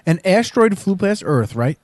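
Wildly expressive high-voiced man. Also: moderate pace, dry recording, clean studio sound. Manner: crude, provocative, interrupting. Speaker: co-host. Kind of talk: casual podcast banter.

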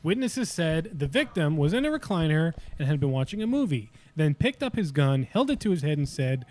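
A man's voice: fairly high pitch, very animated, brisk, a little mellow. Man reading news with mocking asides. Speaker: podcast co-host reading news stories. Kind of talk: casual comedic chat.

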